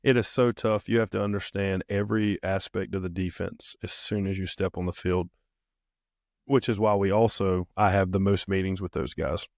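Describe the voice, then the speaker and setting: A man co-hosting a football coaching podcast, calmly walking through defensive assignments step by step in a casual chat. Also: sits low, moderate pace, vocal fry, dry recording, studio quality.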